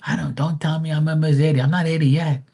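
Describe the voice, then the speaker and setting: A man's voice: medium pitch, lively intonation, moderate pace, voice pushed up, lightly acted. A man imitating his elderly mother, nearly eighty, who is dismissive and touchy about her age. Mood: irritated.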